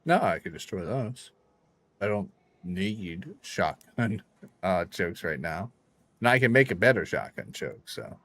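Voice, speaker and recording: Low-voiced man rambling through gameplay. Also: very animated, measured pace, fairly bright tone. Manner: rambling, talks to himself while playing. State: tired. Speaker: game streamer. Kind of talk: casual live gameplay commentary.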